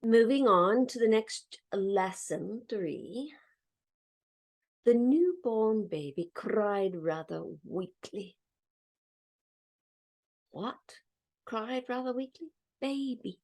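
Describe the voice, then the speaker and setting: A middle-aged woman leads a children's grammar lesson. Her voice sits a little high and she speaks slowly. She walks the class patiently through question-and-answer drills. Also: lively intonation, a little mellow. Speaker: teacher.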